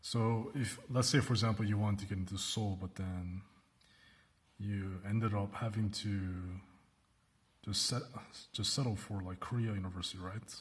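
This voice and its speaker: A male English teacher giving a recorded lesson, slowing down to model example sentences and often checking in with "right?" and "okay?". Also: lowish voice, steady tone. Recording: reverberant room.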